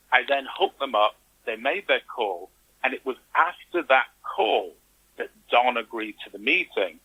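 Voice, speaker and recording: A man speaks as an interview guest, recounting events in an animated way and acting out the remarks he quotes. His voice has a bright, forward edge with a husky grain. He sits at a middling pitch. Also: moderate pace, low-quality recording. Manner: animated storytelling, acts out quoted reactions. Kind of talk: conversational interview.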